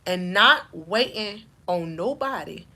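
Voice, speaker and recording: A woman's voice: medium pitch, animated, takes it slowly, sharp tone. A woman with a Southern US accent, a faith-based life coach giving a preaching-style motivational talk, driving her points home with rhythmic repetition and call-outs to her listeners.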